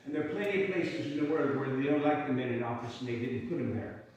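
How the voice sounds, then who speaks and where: Performing in character as an Irish Union soldier, a man with an Irish accent tells stories and sings songs, adding folksy, rambling asides to the audience. His medium-pitched voice is quick and a little mellow. The mic is far off in an echoey hall.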